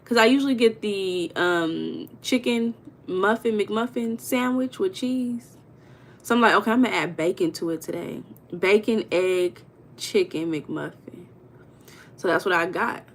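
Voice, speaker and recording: A young woman talks casually on a livestream, greeting viewers one by one and telling a story with lively emphasis. Her voice sits at a middle pitch. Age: young adult. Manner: chatty, greets viewers by name, animated storytelling. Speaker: livestream host.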